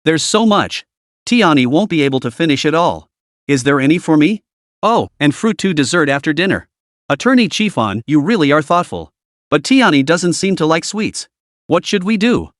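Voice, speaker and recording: A man's voice: a little high, lively intonation, moderate pace, no echo, studio quality, close to an everyday voice. A man narrating a story while voicing an eager young male secretary.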